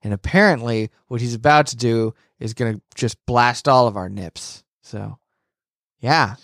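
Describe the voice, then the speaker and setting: Male co-host at mid pitch, loose and profane with halting restarts; dry close sound. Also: a bit bright, no room sound. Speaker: podcast co-host. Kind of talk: casual review chat.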